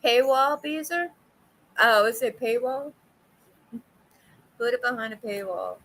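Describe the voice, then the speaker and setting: A woman hosting a casual livestream chat with viewers, talkative and quick to laugh, often restarting her sentences. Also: a little high, fairly bright tone, low-quality recording. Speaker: livestream host.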